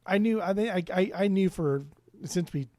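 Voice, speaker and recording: A man's voice: sits high, moderate pace, warm tone, no room sound. A man co-hosting a casual music podcast, blunt and swearing freely, often restarting his sentences. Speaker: podcast co-host.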